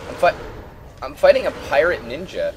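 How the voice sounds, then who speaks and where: A man's voice: a little high, big pitch swings, moderate pace, over music. A man hosting a let's play, chatting and laughing as he plays through the game. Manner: chatty, distracted, laughs often. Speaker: let's play host and player. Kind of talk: casual gameplay commentary.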